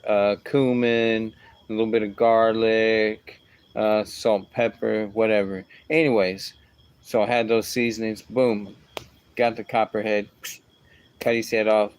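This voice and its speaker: A man's voice: clear, resonant tone, no room sound. A man telling a casual story, rambling along with asides and restarts. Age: adult with a young son. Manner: rambling, full of asides like "whatever" and "boom".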